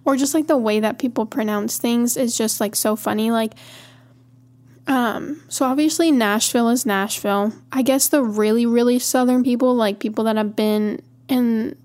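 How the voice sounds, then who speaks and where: A woman's voice: fairly high pitch, steady tone, normal speed, darkish tone. A woman from Montana hosting a podcast, talking in a chatty, rambling way and easily amused. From Montana, USA. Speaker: podcast host. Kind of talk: casual monologue.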